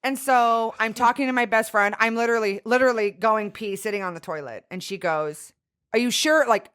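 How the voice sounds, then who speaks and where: A woman's voice: a little high, fairly quick, a bit bright, smooth. A young woman co-hosting a podcast, telling a story in casual chat, swearing freely and acting out what people said. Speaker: podcast co-host.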